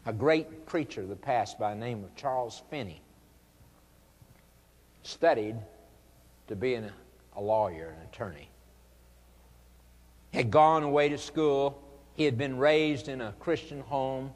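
A man delivering an evangelistic sermon in an unhurried, deliberate way. He pleads earnestly with his listeners and builds to fervent emphasis. His voice carries a long reverb from a large hall. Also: mid-range voice. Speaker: preacher.

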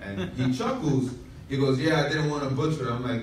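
A man's voice: mid-range voice, brisk, slight background noise. Man pastor, humorous storytelling sermon, distant mic, echoey church hall. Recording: echoey room from far off.

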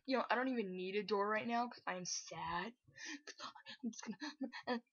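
Female gameplay host, husky and unhurried, chatty and self-mocking with sudden loud outbursts; dull lo-fi recording. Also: mid-range voice, no room sound. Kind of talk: casual gameplay commentary.

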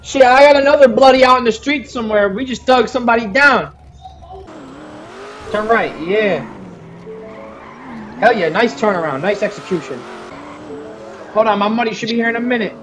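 A man voicing a loud, boastful male street gang member in a game role-play, taunting in heavy street slang. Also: very high voice, moderate pace, pauses often, soft background music. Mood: hyped.

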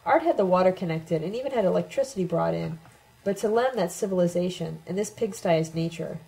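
A woman voicing a sharp, sarcastic woman with a brisk manner, in an audiobook reading. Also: on the low side, vocal fry, low-quality recording. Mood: weary.

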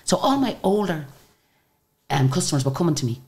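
An Irish woman with a notably deep voice tells a story as an interview guest. She talks in a chatty, rambling way, full of asides and restarts. She slips into the voices of the people in her tale as she goes. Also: a little fast. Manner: lively storyteller who acts out the people she quotes.

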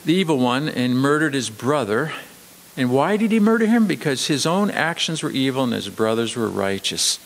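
A man pastor preaching a sermon emphatically, swinging between raised, quick delivery and slow, low emphasis. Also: very animated, vocal fry, big-room sound. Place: church sanctuary.

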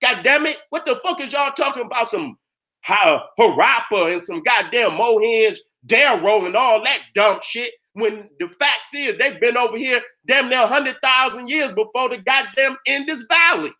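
High voiced guy going off at viewers, real sharp bright tone, cussing a lot and hammering the same point. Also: expressive, normal speed. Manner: profane, fired up, repeats points for emphasis. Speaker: host presenting history with maps. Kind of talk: heated lecture to viewers.

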